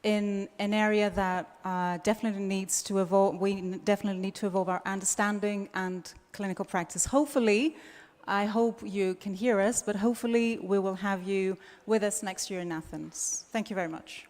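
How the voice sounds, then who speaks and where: A woman's voice: medium pitch, fairly even intonation, moderate pace, darkish tone, in a large hall. A woman with a Greek accent hosting a conference, thanking speakers and formally introducing the next one. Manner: gracious, formal. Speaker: conference host.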